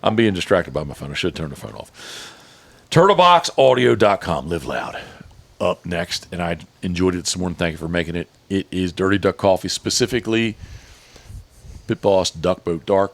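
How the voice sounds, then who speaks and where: A man's voice: sits low, a little fast. A man hosting a casual podcast, rambling through sponsor reads in an easygoing way. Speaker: podcast host.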